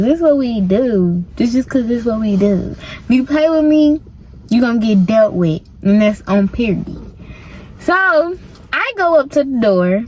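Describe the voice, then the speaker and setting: A woman tells a story to her viewers in casual, slangy talk. Her voice sits high and swoops widely as she leans on each point. Faint noise hums behind her. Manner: animated, slangy, emphatic. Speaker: storyteller vlogger.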